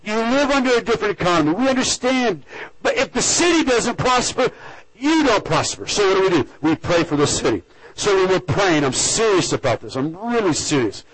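Male pastor, higher voice, fervent sermon delivery with hushed stretches, dry close sound. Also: big pitch swings, brisk, dry recording, poor audio. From United States. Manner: swings from loud exhortation to hushed near-whisper.

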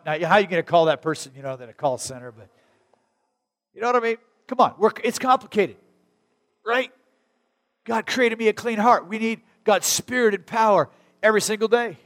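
A middle-aged man from Arizona preaching a sermon. He speaks in a conversational, animated way and often breaks into sudden loud, high bursts. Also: a little fast, long pauses. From Arizona, USA. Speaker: pastor. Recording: long reverb of a large hall.

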